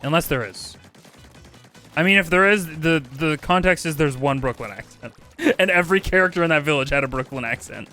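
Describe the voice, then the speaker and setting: Lively guy streaming a game, bright voice, yelps then mumbles, chats with viewers, music under it. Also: on the high side, brisk. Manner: animated, chatting with viewers, swings from yelps to mutters. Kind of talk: casual live gameplay commentary.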